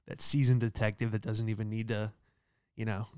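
Sarcastic comedian guy ranting, clear smooth voice, totally dry no room. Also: on the low side, level tone, normal speed, a little mellow, dry recording. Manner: sarcastic, rambling, says "all right?" often. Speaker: comedian host. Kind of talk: stand-up comedy monologue.

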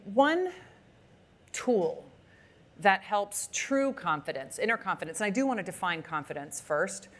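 A woman speaking as a guest in a live stage interview, measured and emphatic. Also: medium pitch, big pitch swings. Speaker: podcast guest.

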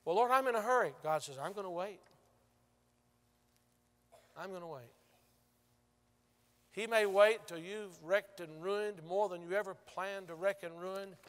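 A male pastor preaching a sermon, telling stories and moving from loud to hushed. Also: high-pitched, moderate pace, few pauses, clean tone. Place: large church sanctuary. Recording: long church reverb.

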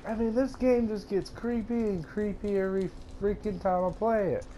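A young man playing a horror game and talking through it, jumpy and excitable, with frequent swearing. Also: sits high, moderate pace, slight background noise. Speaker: gaming YouTuber.

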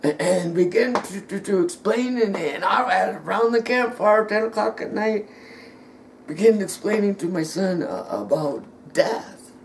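A middle-aged man giving an emotional personal testimony, halting and repeating words, sometimes dropping almost to a whisper. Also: high voice, expressive, creaky, slight background noise.

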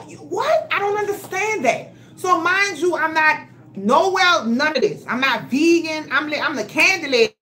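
Bright-voiced blunt woman on a livestream. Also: high voice. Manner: blunt, profane and animated, talking straight to viewers. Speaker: health vlogger. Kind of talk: casual livestream storytelling. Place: at home. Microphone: phone livestream.

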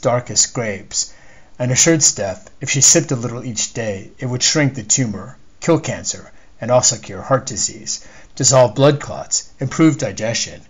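A man, the author, reading a chapter of his novel aloud in measured storytelling narration. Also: medium pitch, poor audio. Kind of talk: scripted narration.

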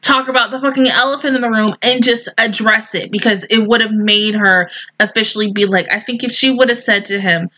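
A woman with a bright, high-leaning voice reacts to anime episodes in casual commentary. She rambles and gushes, swearing freely as her feelings spill out. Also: fairly even intonation, brisk, few pauses, slight background noise, poor audio.

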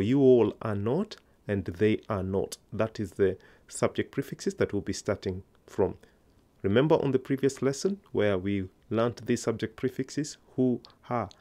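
A man's voice: fairly low pitch, darkish tone. A man teaching a Swahili lesson online, explaining grammar step by step and encouraging learners to repeat after him.

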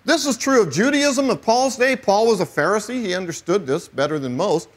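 High-voiced man preaching a sermon. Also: animated, brisk. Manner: emphatic preaching with wry asides. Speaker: pastor.

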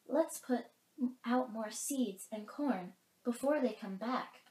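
A woman's voice: on the high side, takes it slowly, dark tone. A woman voicing a hopeful little sister in a storybook read-aloud. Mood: eager. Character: little girl, hopeful and caring. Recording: roomy echo.

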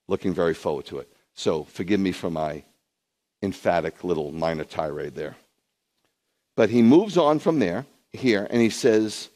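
A man, a rabbi, preaching a sermon to a streamed congregation, conversational with viewers at home and rising into emphatic bursts. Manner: emphatic preaching, surges high and loud in bursts.

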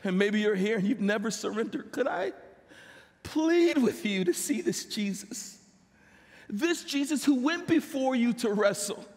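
Crying as he speaks, a male pastor delivers an emotional testimony within his sermon, building to impassioned pleas. His very high-pitched voice is expressive and measured, ringing with long reverb in the church sanctuary.

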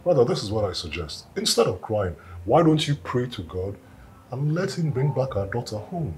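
A man's voice: medium pitch, very animated, moderate pace, a little mellow, a little hiss or hum, natural voice. An actor playing a husband who comforts his grieving wife, speaking in a soothing, pleading and reassuring way. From Nigeria. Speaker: actor in a film. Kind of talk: film drama acting.

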